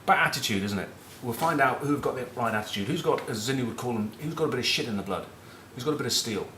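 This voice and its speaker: A fast-talking, forceful man with a bright, expressive mid-range voice is a middle-aged former rugby captain from northern England with a Northern English accent. He rambles through casual rugby chat of cheeky, sweary match talk and anecdotes. The sound is roomy, with a little hiss or hum.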